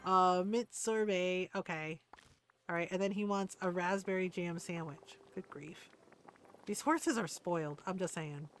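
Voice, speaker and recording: A woman's voice: lowish voice, unhurried, soft background music. A woman streaming a game and chatting casually, rambling and often trailing off into ums. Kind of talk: casual chat while playing.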